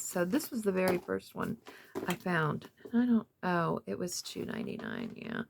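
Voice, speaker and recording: A woman's voice: lowish voice, wildly swooping pitch, brisk, gravelly. A woman in her fifties chatting casually about a craft haul, rambling with lots of fillers. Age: 50s. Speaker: craft vlogger. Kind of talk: casual show-and-tell of a thrift haul.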